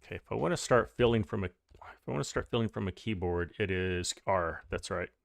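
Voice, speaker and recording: A man's voice: deep voice, brisk, vocal fry, no room sound. A man hosting a live game stream, chatting casually to viewers, greeting them by name and rambling through restarts as he plays.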